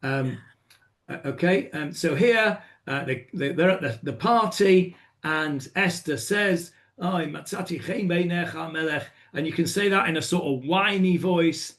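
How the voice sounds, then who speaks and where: A man's voice: fairly high pitch, lively intonation, normal speed, a bit bright. Chatty man teaching, with many fillers. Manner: chatty with many fillers, breaks into chanting and acted exclamations. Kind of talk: informal lesson on chanting a scripture reading.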